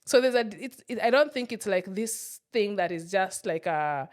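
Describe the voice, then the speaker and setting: Woman, podcast co-host, mid-pitched, reflective casual chat with restarts. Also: animated, moderate pace. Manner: reflective, talks in loose restarts, acts out quoted people.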